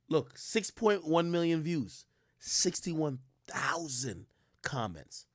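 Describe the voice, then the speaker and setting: A man's voice: fairly high pitch, slow pace, dry recording, studio quality. A man streaming live, ranting casually in a profane, storytelling way. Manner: animated, profane, storytelling with quoted voices. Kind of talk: casual livestream rant.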